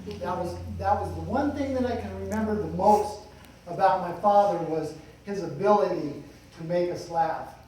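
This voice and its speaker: A middle-aged man delivers a funeral eulogy in a loose, folksy way, drifting between gentle jokes and sincere memories. He is heard from some distance in a very reverberant hall. A faint hiss of noise sits underneath. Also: high voice, normal speed. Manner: folksy, rambling, with light humor. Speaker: son giving a eulogy.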